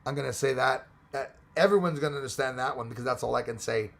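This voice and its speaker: Canadian man, gravelly voice, loose jokey stream host reading chat aloud. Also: medium pitch, fast talker, fairly bright tone. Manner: rambling, jokey, greets viewers by name. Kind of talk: casual live chat.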